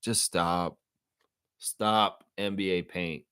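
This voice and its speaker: A man's voice: sits low, steady tone, takes it slowly, bright, forceful tone, smooth, no room sound, clean studio sound. A man hosting a live fan reaction show, ranting in a profane, exasperated way with repeated outbursts. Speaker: sports show host.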